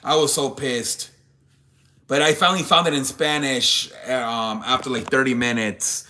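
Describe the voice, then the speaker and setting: A man's voice: medium pitch, steady tone, unhurried, pushed and bright. A young man hosting a live sports show, chatting casually with viewers, rambling and swearing when worked up. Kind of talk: casual live-stream chat.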